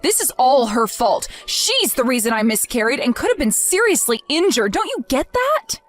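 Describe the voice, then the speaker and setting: A woman's voice: high voice, big pitch swings, normal speed, soft background music. A woman voicing a heartbroken young wife in an acted text story, pleading and stammering over her words. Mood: indignant.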